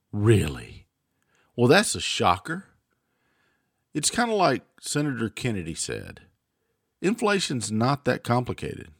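A man's voice: mid-range voice, no room sound, clean studio sound. A man hosting his own show, delivering an angry political rant with frequent swearing. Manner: ranting, swears freely. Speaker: show host. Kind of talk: political commentary monologue. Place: home.

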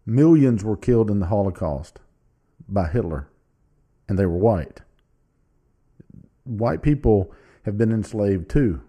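A male podcast host speaks bluntly and casually, straight to the viewer. His voice is low and mellow, and his pitch moves around a lot as he talks. He reads items off a screen one after another. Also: animated, unhurried, long pauses, husky. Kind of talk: casual opinion commentary.

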